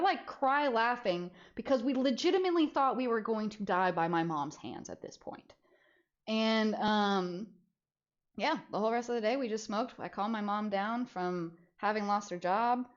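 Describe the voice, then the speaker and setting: Animated young woman spinning a story. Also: on the high side, dull audio. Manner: animated, laughs through the story, frequent restarts. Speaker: streamer. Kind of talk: casual storytelling on a game stream.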